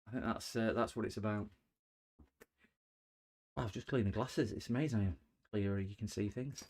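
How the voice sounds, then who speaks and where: A man's voice: fairly low pitch, normal speed, long pauses, darkish tone. A man chatting casually and cracking puns to viewers while he works on a live stream repair. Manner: chatty, joking with chat viewers, punny. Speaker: livestream host repairing electronics.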